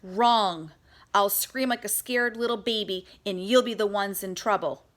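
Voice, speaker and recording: A woman voicing a spirited, chatty young schoolgirl, bright and quick to protest. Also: mid-range voice, natural voice. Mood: eager. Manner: bright, eager, indignant.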